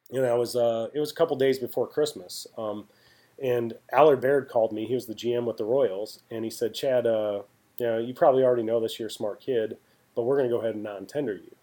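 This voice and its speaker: A man in his forties recounts his playing days in a loose, candid way, doubling back on his words as he goes. His voice is mellow and dark, sitting at an ordinary middle pitch. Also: fairly quick. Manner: rambling, candid, with frequent restarts. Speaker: former pro baseball pitcher, guest. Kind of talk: casual storytelling interview.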